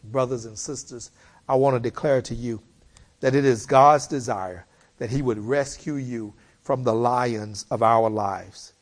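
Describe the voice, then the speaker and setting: A man preaching a sermon, slow and emphatic, building repeated appeals to his listeners. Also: mid-range voice.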